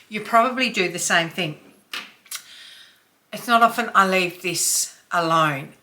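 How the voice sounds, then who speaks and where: A woman in her fifties chatting through a makeup tutorial at home, often dropping to a soft near-whisper as she works. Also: on the low side. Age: 50s. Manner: chatty, drops to near-whisper while applying. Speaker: beauty vlogger. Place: home, dog snoring nearby.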